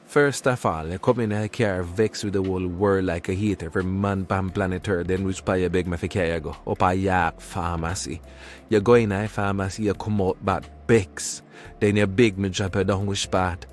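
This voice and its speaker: A man voicing a wisecracking Jamaican cab driver who teases his passenger with slow, drawn-out jabs in an animated cartoon. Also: deep voice, a little hiss or hum, lightly acted. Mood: mocking. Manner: teasing, drawn-out patois jabs. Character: wisecracking male cab driver, mocking and nosy.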